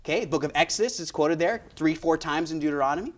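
An American man delivering a sermon in a voice pitched a little high. He talks in a loose, conversational way, often restarting his sentences and filling the gaps with small hesitations. He speaks into a handheld microphone. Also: fast. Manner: conversational, with many restarts and fillers. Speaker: guest preacher.

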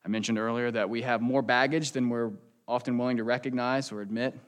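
A man preaching a sermon in a church as a pastor, in an earnest, conversational way, and closing in a quiet prayer. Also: medium pitch, steady tone, brisk.

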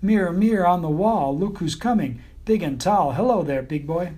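A man's voice: sits high, expressive, normal speed, mellow, voice pushed up. A man voicing a glamorous, flirtatious female beagle with a sultry, coy manner in an audiobook. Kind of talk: audiobook character voice.

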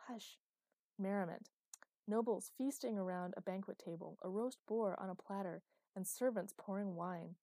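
A woman's voice: mid-range voice, moderate pace, warm tone, dry recording, close to an everyday voice. A woman voicing a cheerful young female writer who runs a fantasy game with sadistic glee. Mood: narrating. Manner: cheerful and teasing.

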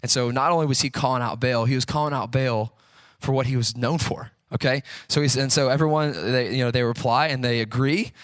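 A man's voice: mid-range voice, fairly even intonation, brisk, dry recording. A man preaching a sermon in a conversational way, asking rhetorical questions and acting out the quotes he tells. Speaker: pastor.

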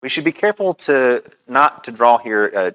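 A man preaching a sermon as pastor, in a relaxed, conversational way with frequent pauses. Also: medium pitch, smooth, dry recording, poor audio.

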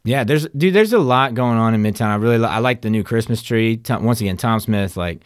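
A man's voice: medium pitch, animated, a little fast, clear, resonant tone, no room sound, clean studio sound. A man co-hosting a podcast in laid-back casual chat, peppering talk with man and dude. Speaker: podcast co-host.

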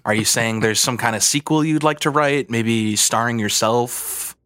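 A man's voice: medium pitch, normal speed, fairly bright tone, smooth, no echo. A man co-hosting a podcast, cracking playful, teasing jokes in casual chat. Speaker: podcast co-host.

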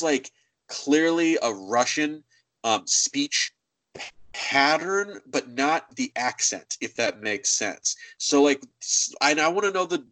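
Animated man chatting about games. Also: medium pitch, no room sound, poor audio. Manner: animated, acts out game dialogue in funny voices. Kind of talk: casual gaming chat.

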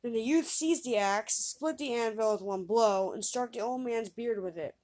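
A woman reading an old fairy tale aloud, lifting her pitch and volume for the characters' lines. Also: moderate pace. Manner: lively reader raising pitch and volume for quoted voices. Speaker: storyteller.

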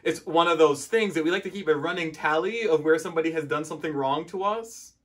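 A man's voice: fairly high pitch, quick pace, fairly bright tone. A man preaching a sermon in a conversational, storytelling way, briefly acting out voices from the parable.

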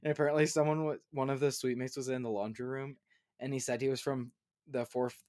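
A man's voice: medium pitch, little pitch movement, brisk, a little mellow. A young man co-hosting a podcast in casual chat, rambling with lots of fillers and laughs. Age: young adult. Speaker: podcast co-host.

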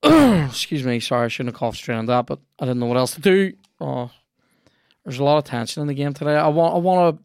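A man chats casually while playing a video game, swearing freely and reacting out loud to the match. His voice is gravelly and sits at an ordinary middle pitch. The sound is close and dry. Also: no echo. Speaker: podcast host.

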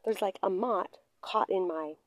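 A woman's voice: medium pitch, unhurried, dry recording, poor audio. A woman co-hosting a casual podcast in a laundromat, playful and giggly. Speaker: co-host.

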